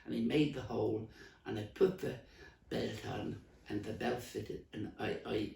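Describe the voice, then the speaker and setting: A man's voice: fairly low pitch, fairly even intonation, unhurried, vocal fry, darkish tone, a little hiss or hum. A man playing an elderly Dublin stall trader, a rambling, coughing heavy smoker who stumbles and restarts as she talks. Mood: gossipy. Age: older. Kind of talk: comic character monologue. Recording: roomy, distant mic.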